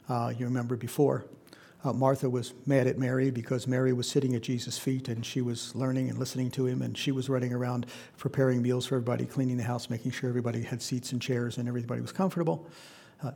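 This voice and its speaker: Guy preaching a bible lesson, dark rough voice, talks to the room like a chat. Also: medium pitch, fairly even intonation, quick pace. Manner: conversational, asks the listeners questions. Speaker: pastor. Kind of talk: Bible teaching sermon.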